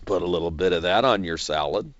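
A man's voice: deep voice, fast talker, no room sound, muffled recording. A man giving casual, folksy commentary on stocks and dividends, chatty and joking as he goes. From California, United States.

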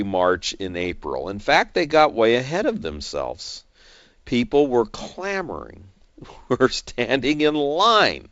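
A man's voice: mid-range voice, no room sound. A folksy male market commentator whose voice rises and falls a lot. He talks about investing in a chatty, joking way. The sound is dry and a little dull, like a lo-fi recording. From California, United States. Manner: folksy, chatty, jokes as he goes.

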